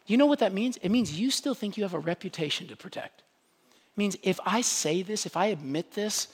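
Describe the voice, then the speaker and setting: Animated preacher with a lively, swooping voice. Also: breathy edge, big-room sound. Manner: animated, conversational preaching with wide swings in pitch and loudness; emphatic, with rhetorical questions and quick asides. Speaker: pastor. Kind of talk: sermon.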